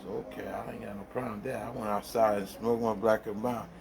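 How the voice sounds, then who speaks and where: A man's voice: on the low side, little pitch movement, fast, vocal fry, background noise. Rambling middle-aged man telling a story. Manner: rambling, colloquial, laughs through the story, lots of fillers. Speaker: vlogger. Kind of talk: casual storytelling.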